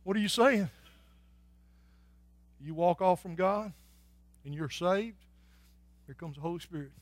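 A male pastor preaches in a folksy, homespun way, his voice sitting high for a man. He sinks to near murmurs and climbs back to shouts. The sound is close and dry, with no room around it. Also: moderate pace, pauses often, no room sound. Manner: folksy, swings from soft and low to loud and shouting. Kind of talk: sermon.

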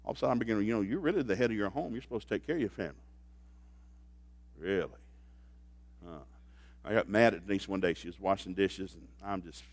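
A middle-aged man preaching a humorous sermon on marriage, folksy and joking, swinging from quiet asides to loud bursts. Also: low voice. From grew up in a blue-collar factory family.

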